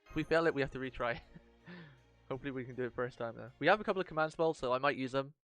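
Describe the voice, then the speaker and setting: A man streaming a mobile game live, reading out the story and reacting excitedly as he plans his team. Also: medium pitch, quick pace, faint music behind. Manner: excitable, reacts loudly, talks through strategy.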